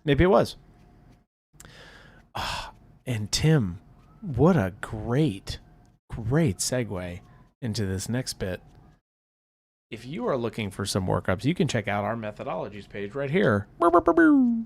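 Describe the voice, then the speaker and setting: A chatty man co-hosting a relaxed livestream, talking as he paints miniatures. His voice moves around a lot in pitch, and he laughs easily while he answers viewer comments. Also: slow pace, long pauses, breathy edge. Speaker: livestream co-host.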